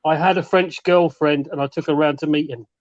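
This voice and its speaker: A fairly high-voiced man rambles through a story in casual chat, stopping to correct himself. His voice comes across dry and dull, like a lo-fi video call. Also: fairly even intonation, fairly quick, no echo. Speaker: regular of a modelling chat.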